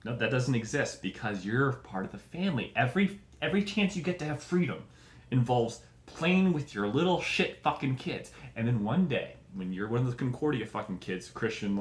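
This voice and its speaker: A man riffing through a crude comedy rant, swearing freely and slipping into mock voices. His pitch swings widely as he talks. The recording is echoey and roomy. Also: moderate pace. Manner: profane, animated, mock voices. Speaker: show host. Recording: echoey room.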